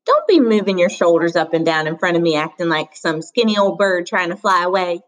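A woman's voice: on the low side, animated, fairly quick, natural voice, poor audio. A woman voicing a stern, tall motel cleaner who talks bluntly and scolds. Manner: blunt, scolding, plain-spoken.

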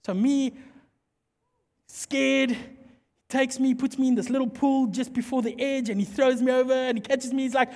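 Preacher, animated and playful, long church-hall reverb. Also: male voice, very high voice, moderate pace. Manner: animated, playful, jokes with the congregation. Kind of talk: sermon with humorous storytelling.

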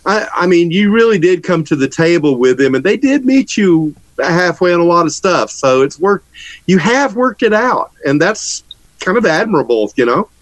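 A man from Georgia talks as a guest musician in a relaxed interview. His voice sits a little high for a man and is recorded close and dry. He jokes around and laughs easily. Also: moderate pace, dry recording, low-quality recording. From Georgia, USA. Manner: joking, laughs often. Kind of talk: casual interview chat.

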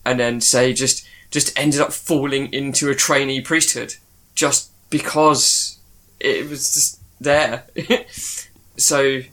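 A man in casual podcast chat, animated and laughing as he tells stories. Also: medium pitch, takes it slowly.

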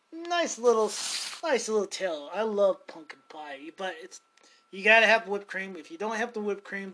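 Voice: medium pitch, fairly bright tone. A podcast host chatting casually at home, rambling, laughing often and swearing now and then. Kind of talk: casual chat. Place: at home with cats.

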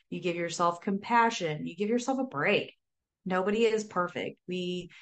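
Chatty animated woman, low voice. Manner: animated, says "like" often, acts out quotes. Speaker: sober coach, guest. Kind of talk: casual interview talk.

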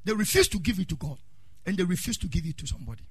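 Loud, sing-song Ghanaian preacher, man. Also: high-pitched, lively intonation, racing, husky, no room sound, studio quality. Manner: preaching with call and response, sing-song shouting, storytelling. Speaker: pastor. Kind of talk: sermon.

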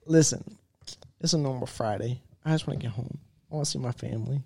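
A podcast co-host telling a story in a lively way, acting out other people's lines. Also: medium pitch, quick pace, vocal fry, slightly rough. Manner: animated storyteller, acts out voices. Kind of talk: casual storytelling.

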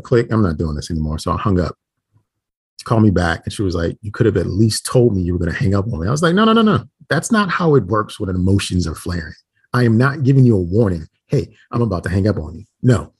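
Man, 40s, very deep, husky, dry sound, blunt profane podcast chat. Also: quick pace, no room sound. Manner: blunt, profane storytelling with animated quoted voices. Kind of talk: casual chat.

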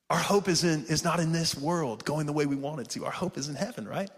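A man's voice: on the high side, a little fast, hardly any pauses. A man preaching a sermon with fervor, calling out to his congregation and often saying "man". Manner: fervent, calls out to the congregation, often says "man". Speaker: pastor. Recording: reverberant hall sound.

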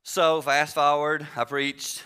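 Bright-voiced man in his sixties preaching. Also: a little high, flat delivery, slow, clean tone. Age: 60s. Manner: conversational, swinging between hushed and emphatic. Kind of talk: storytelling sermon.

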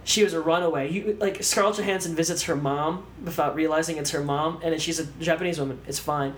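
A fairly high-voiced man rants about a film in a casual podcast chat, cursing freely and breaking into exaggerated mock voices. The room rings with echo, and a faint hiss sits underneath. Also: a little fast. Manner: animated, swearing, acts out lines in mocking voices. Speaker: podcast co-host. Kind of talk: casual ranting movie review. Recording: echoey room with faint background noise.

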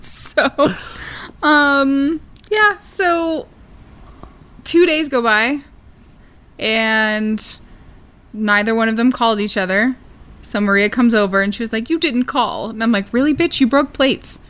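A woman with a slightly high voice co-hosts a casual podcast. She giggles often, fills her talk with "like" and "um", and stays playful as she tells the story. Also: takes it slowly, long pauses, a bit bright. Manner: giggly, many fillers, playful. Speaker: podcast co-host. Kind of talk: casual chat recapping a TV show.

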